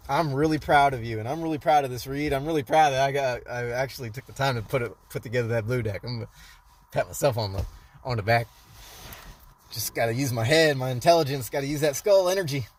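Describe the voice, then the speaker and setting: A man's voice: medium pitch, fast talker, few pauses. A man giving a casual tarot reading to the camera, speaking loosely with many restarts and calling the viewers y'all. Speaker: tarot reader.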